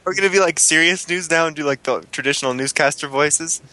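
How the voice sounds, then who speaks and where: A man's voice: a little high, quick pace, bright, forceful tone, no room sound. A man co-hosting a casual podcast, joking and telling stories with acted-out quotes. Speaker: podcast co-host. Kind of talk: casual chat.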